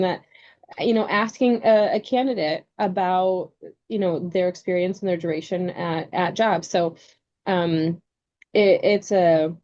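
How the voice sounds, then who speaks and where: Chatty woman with a mellow, dull sound. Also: mid-range voice. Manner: chatty storyteller, quick asides. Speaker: co-host and career coach. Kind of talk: casual podcast chat.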